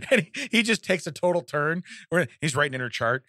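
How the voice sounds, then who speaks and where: A man's voice: on the high side, sing-song, a little fast, pushed and bright, dry recording, clean studio sound. A man co-hosting a casual comedy podcast, laughing often and acting out silly voices. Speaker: podcast co-host. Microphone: studio mic.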